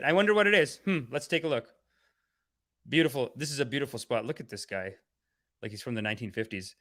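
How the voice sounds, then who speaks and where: A man's voice: mid-range voice, fast, long pauses, fairly bright tone. A man hosting a comedic satirical rant in a sarcastic, preachy, mock-guru manner. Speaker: comedic channel host.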